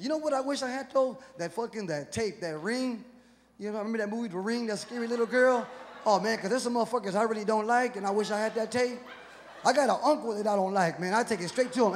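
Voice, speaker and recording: High-voiced profane male comedian from Texas. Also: quick pace. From Houston, Texas. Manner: profane, animated, acts out voices. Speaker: stand-up comedian. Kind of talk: stand-up comedy. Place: live comedy venue with audience. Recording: echoey hall with crowd noise.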